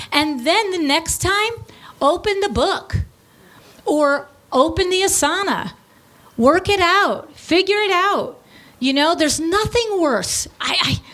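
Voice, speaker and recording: A woman with a high voice, a podcast host speaking to a room of business owners. She talks in an animated, conversational way, acting out quick quoted voices and stumbling through restarts as she goes. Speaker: podcast host giving a talk. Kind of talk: motivational conference talk.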